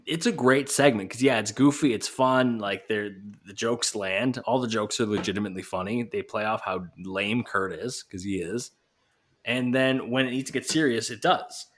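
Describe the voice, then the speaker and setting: Here a podcast co-host with a fairly low, somewhat bright voice discusses wrestling matches at a moderate pace. Casual throughout, he jokes, swears, and does put-on voices to quote wrestlers.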